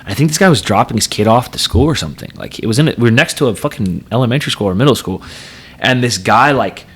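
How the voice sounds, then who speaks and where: A man's voice: medium pitch, expressive, quick pace, a bit bright, slightly rough. A man in his thirties, a podcast guest telling stories in a rambling, casual way, full of fillers and swearing. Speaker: podcast guest, pro fighter. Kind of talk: casual storytelling chat.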